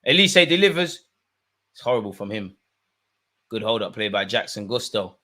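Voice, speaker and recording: A young man, commentating live on a football match for his viewers and shouting at the screen. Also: fairly low pitch, normal speed. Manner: excitable, swings from muttering to shouting at the screen. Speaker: football watchalong host. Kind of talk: live watchalong commentary, casual.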